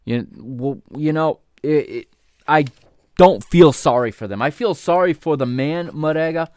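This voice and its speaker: A man hosting a solo podcast, explaining calmly and then breaking into heated, indignant rants full of swearing. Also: on the high side, a little slow, no room sound. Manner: rises from calm explanation into loud, stressed outrage. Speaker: podcast host.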